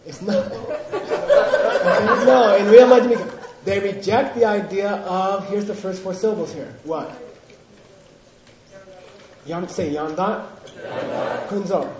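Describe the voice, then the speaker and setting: A man teaching Buddhist philosophy to a class, drilling students in call-and-response and coaxing them with teasing, animated prompts. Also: high voice, slow, pauses often, echoey room, a crowd in the background, low-quality recording.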